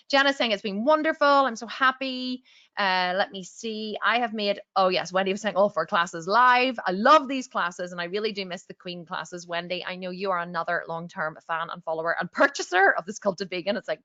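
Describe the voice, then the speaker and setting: A bright, forceful middle-aged woman hosts a live webinar from her office, greeting viewers and reading their comments in a chatty, upbeat way. Her voice is dry and close, through a slightly dull webcam mic. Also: medium pitch, dry recording. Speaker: webinar host. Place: small office.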